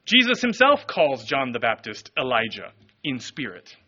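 A man preaching a sermon, telling the story in an animated, expressive way. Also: medium pitch, moderate pace, breathy edge, muffled recording. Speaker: pastor.

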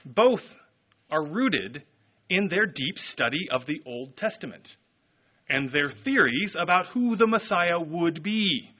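A man preaching a sermon, telling the story in an animated, expressive way. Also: a little high, slow pace, breathy edge, lo-fi sound. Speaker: pastor.

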